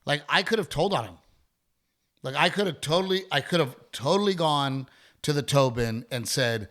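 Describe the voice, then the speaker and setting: A man's voice: on the high side, fairly quick. A middle-aged man hosting a podcast, telling a story in a casual, rambling way, swearing freely and restarting his sentences often. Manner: profane, rambling, animated storyteller with many restarts. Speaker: podcast host.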